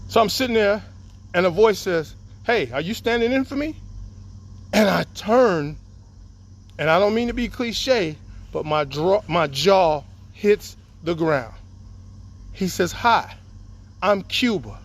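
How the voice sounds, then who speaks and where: A man's voice: high-pitched, expressive, takes it slowly, long pauses. A man telling a long personal story to his viewers in a casual, rambling way, breaking off to greet people.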